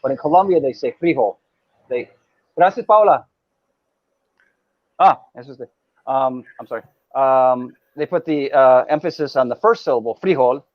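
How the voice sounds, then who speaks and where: A man's voice: medium pitch, moderate pace, pauses often, no echo. A man chatting casually as a guest, telling stories with many restarts. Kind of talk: casual chat. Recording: dull lo-fi sound.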